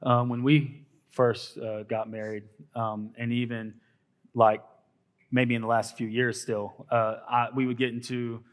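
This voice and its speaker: A college minister with a Texan accent hosts a casual church panel, speaking earnestly and rambling with fillers. His medium-pitched, smooth voice moves at a measured pace with little pitch movement.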